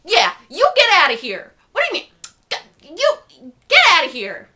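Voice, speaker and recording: A woman voicing an indignant young male street preacher who shouts, sputters and repeats himself. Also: extremely high pitch, wildly swooping pitch, moderate pace, heavily acted.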